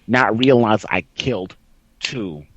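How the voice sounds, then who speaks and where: A man hosting a casual gaming podcast, telling a story excitedly and bursting into loud reenactments. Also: fairly low pitch, slow, no room sound. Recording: dry, slightly dull sound.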